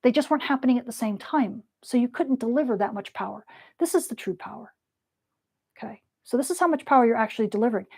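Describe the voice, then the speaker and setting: A woman teaching a lecture with playful, lively explanations. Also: on the high side, quick pace, breathy edge.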